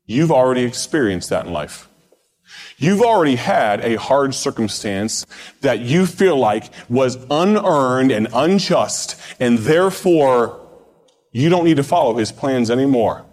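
A man preaching a live sermon with passion, using rhetorical questions and swinging between loud appeals and hushed moments. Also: medium pitch, very animated, a little slow. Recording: preaching in a reverberant hall.

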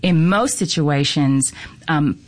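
A compliance counsel guesting on a call-in radio show, explaining procedures in a measured way. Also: mid-range voice.

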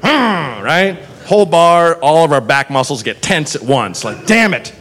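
A man doing stand-up, telling a rambling, profane story in an animated way. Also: a little high, moderate pace. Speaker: stand-up comedian.

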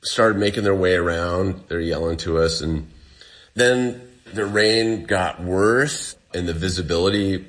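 Deep-voiced man telling a story. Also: fairly bright tone. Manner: casual storytelling, many fillers, speeds up and slows down. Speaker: guest. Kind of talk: recounting a personal ordeal.

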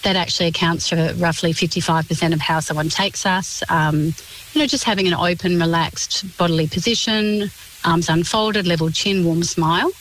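A woman, a communications specialist answering on a radio interview in a clear, explanatory, measured way. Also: fairly low pitch, steady tone, fairly bright tone, slight background noise, low-quality recording.

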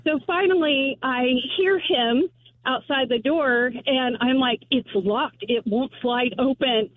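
A woman's voice: sits high, slow pace, no room sound. A woman in her thirties calling in to a radio show, telling a funny story with lots of laughter and acted-out voices. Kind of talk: casual storytelling on air. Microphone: telephone. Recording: tinny phone line.

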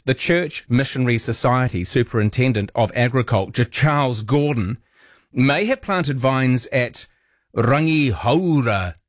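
A man's voice: medium pitch, no room sound, studio quality. A man hosting late-night call-in talk radio, chatty and playful with jokey asides. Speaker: radio host.

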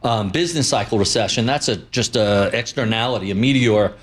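A man's voice: lowish voice, a little fast. A man, a guest commentator giving blunt, opinionated views in an unscripted interview.

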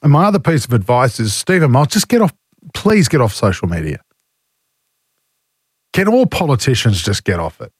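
An Australian talkback radio host with a mid-range, sing-song, slightly rough voice speaks at normal speed with frequent pauses. Fighting a cold in a clean, echo-free studio, he reads listener texts and offers blunt, indignant opinions.

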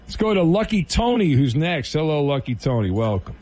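A man hosting a sports call-in radio show, deadpan and teasing, often restarting his sentences. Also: fairly high pitch, brisk. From Southern California. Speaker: sports talk radio host.

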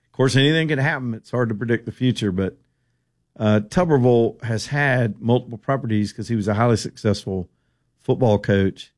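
A man's voice: medium pitch, brisk, a little mellow. A middle-aged man from the Southern United States hosting opinionated political talk radio, sarcastic, folksy and rambling.

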